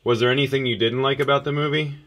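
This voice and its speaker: A woman with an unusually deep, low voice hosts a casual family vlog. She interviews a child with short, simple, encouraging questions. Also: steady tone, quick pace, slight background noise.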